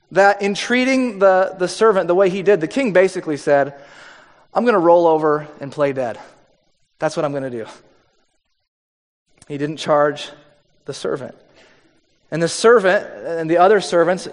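A man's voice: fairly high pitch, big-room sound. A man preaching a sermon, reading scripture and acting it out in a conversational way. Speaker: pastor.

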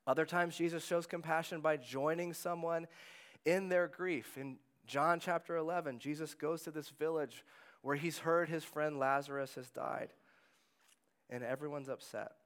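A man preaching a sermon as pastor, in a conversational way, letting his phrases trail off softly. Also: fairly high pitch, steady tone, normal speed, smooth.

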